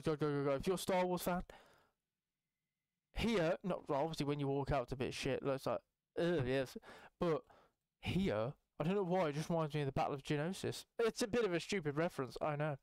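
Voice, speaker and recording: In a dry recording, a young man hosts his channel with lively, laid-back gameplay commentary. Profanity comes often, and he bursts into high yelps now and then.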